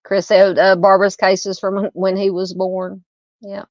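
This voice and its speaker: On her true crime live stream, a Southern US woman in her fifties reads viewer comments and chats loosely, stumbling through many fillers and restarts. Her medium-pitched voice has little pitch movement and a slightly slow pace. The sound is dry and dull.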